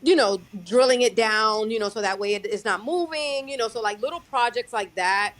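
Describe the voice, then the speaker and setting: Halting woman trucker, casual chat. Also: a little high. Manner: halting, many restarts and fillers. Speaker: guest, owner-operator truck driver. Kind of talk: casual podcast interview.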